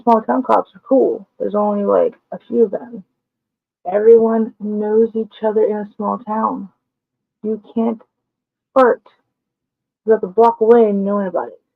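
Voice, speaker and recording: A woman's voice: medium pitch, level tone, a little slow, gravelly, pauses often, no room sound. A woman vlogger telling a story in a blunt, emphatic way, with frequent cursing. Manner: blunt, profane, emphatic retelling. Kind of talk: casual storytelling. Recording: tinny phone-like sound, dry.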